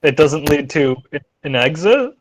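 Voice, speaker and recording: A man's voice: fairly high pitch, very animated, unhurried, low-quality recording. A man playing a tabletop game online in an ordinary mid-range voice. He says what his character does with eager, casual energy. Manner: eager, declaring actions. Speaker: player.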